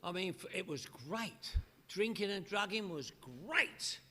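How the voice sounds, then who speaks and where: A man's voice: high voice, animated, takes it slowly, bright, forceful tone, slightly rough. A middle-aged man with a London accent giving a humorous recovery talk to a meeting, telling his story with comic repetition. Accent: London English. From northwest London. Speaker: AA speaker. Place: meeting hall. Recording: echoey hall reverb.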